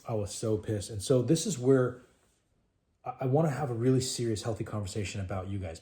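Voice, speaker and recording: A man telling a training war story to his trainees in an animated, conversational way, sometimes dropping to a hush. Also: mid-range voice, fairly quick.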